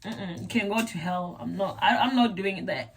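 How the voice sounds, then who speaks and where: A woman's voice: medium pitch, normal speed, breathy edge. A young South African woman with a South African accent, chatting casually to camera in a rambling way, repeating words and using lots of fillers. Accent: South African English. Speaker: vlogger.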